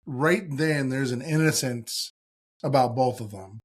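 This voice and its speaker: Podcast co-host, man, mid-pitched, relaxed conversational delivery with chuckles. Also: unhurried, slightly rough. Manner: relaxed, chuckling, joins in on quotes. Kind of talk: casual chat recapping a TV episode.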